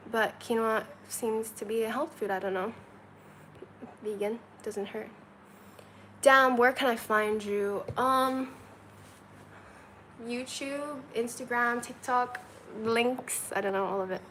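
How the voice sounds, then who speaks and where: A woman's voice: fairly high pitch, fairly even intonation, slow, pauses often, sharp tone, slight background noise, poor audio. A woman from China hosting a casual livestream from a hotel room, counting aloud, answering chat questions and laughing often. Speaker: livestream host. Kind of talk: casual live-stream chat.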